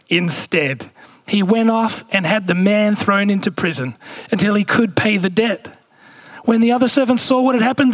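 A male pastor, preaching a sermon with animated asides while reading scripture. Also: sits high, breathy edge.

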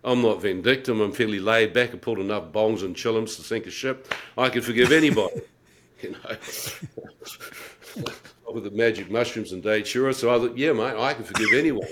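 A man's voice: lowish voice, moderate pace, noisy background. A middle-aged man telling his life-changing testimony in a vivid, wry way. He laughs at himself and acts out his own thoughts. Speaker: guest telling his conversion story. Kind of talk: personal testimony storytelling.

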